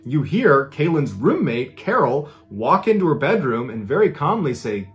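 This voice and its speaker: A man's voice: medium pitch, animated, normal speed, few pauses. Man narrating a true story. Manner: conversational, dramatic retelling with quoted voices. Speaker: podcast host.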